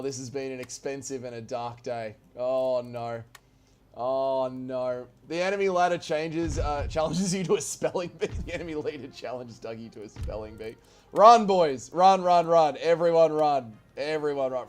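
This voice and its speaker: A man streaming a strategy game, giving excitable live commentary, swearing and shouting orders and cheers. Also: mid-range voice, moderate pace, faint music behind. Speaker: gaming streamer.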